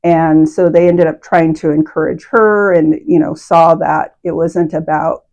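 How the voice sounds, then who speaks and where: A woman's voice: low voice, steady tone, a little slow, darkish tone. A woman speaking in a casual panel discussion, conversational with easy fillers. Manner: conversational, uses fillers like you know.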